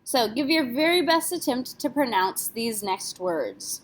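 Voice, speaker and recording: A woman teaching a French pronunciation lesson in a slightly high voice. She explains patiently and spells words out letter by letter for her learners. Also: very animated, measured pace.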